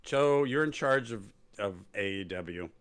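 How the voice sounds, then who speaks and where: A man's voice: mid-range voice, expressive, unhurried, smooth. A man hosting a wrestling podcast, recapping the show in casual chat with sarcasm and silly impressions of wrestlers. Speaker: podcast host.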